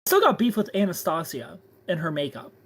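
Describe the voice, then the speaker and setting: A live streamer casually chatting and greeting viewers by name, playful and quick to laugh. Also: medium pitch, very animated, slightly rough.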